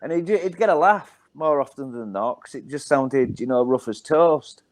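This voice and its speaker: A man's voice: mid-range voice, moderate pace, a little mellow. A middle-aged man with a Hull accent, a guest comedian telling rambling, wry stories with lots of ums. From Hull, England. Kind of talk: casual storytelling.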